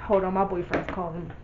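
A woman's voice: lowish voice, echoey room, muffled recording. A young woman vlogger telling a casual storytime, candid and blunt, swearing freely and talking to her viewers.

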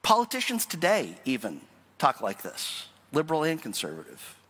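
A man preaching a sermon as pastor, emphatic and animated, asking his listeners questions. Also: a little high, moderate pace, long reverb tail. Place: church sanctuary.

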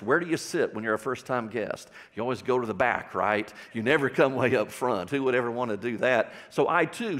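Folksy Texan preacher in a reverberant church. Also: male voice, medium pitch, fairly bright tone. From Texas. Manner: folksy storytelling with audience questions. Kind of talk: sermon. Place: church sanctuary.

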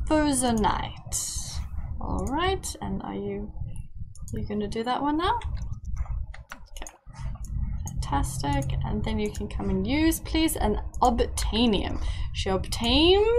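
Brief: young woman, light higher voice, chatty gameplay commentary, coaxing and giggly. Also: slight background noise, poor audio. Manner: chatty, coaxing, giggly, talks to her characters. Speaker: game streamer. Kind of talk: casual let's-play commentary.

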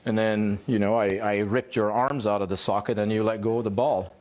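Blunt, animated male dog trainer. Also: on the low side, brisk, hardly any pauses. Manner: blunt and animated, swears, with frequent "yeah?" checks. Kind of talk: informal teaching talk.

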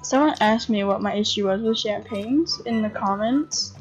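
A tired young woman giving casual commentary on a horse game, chatty and excitable, swearing freely and breaking into gasps and laughs. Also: medium pitch, normal speed. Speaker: gamer commentator. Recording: dull lo-fi home recording with faint game music.

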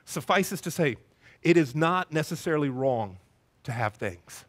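A male pastor preaching a sermon, telling stories in a lively way and acting out the voices of the people in them. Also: a little high, moderate pace. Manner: lively storytelling, acts out voices.

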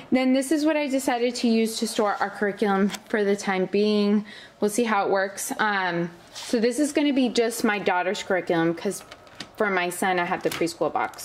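A young woman chats her way through a room tour at home, sounding a touch out of breath. She fills her sentences with ums and likes and gushes about what she bought. Her voice sits at a middling pitch over a faint hum of room ambience. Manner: chatty, filler-heavy, enthusiastic about products. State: slightly out of breath. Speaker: homeschooling mom vlogger.

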